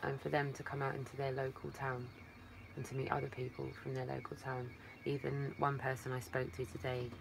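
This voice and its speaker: Bass-voiced with vocal fry, this English livestream host rambles affectionately and calls her viewers darling, her voice tired after a long day of talking. She records on a phone set at a distance, and the background is noisy.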